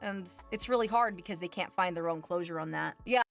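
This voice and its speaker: A woman's voice: on the low side, brisk, gravelly, a bit bright, faint music behind. A woman speaking in an earnest, reflective and slightly rambling way in a played clip. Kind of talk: reflective monologue.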